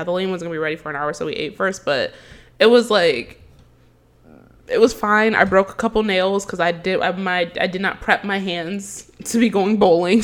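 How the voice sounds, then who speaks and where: Young woman telling a story with lots of laughs. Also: lowish voice. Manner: animated storyteller acting out quotes, laughs often. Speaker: podcast co-host. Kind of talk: casual chat, storytelling.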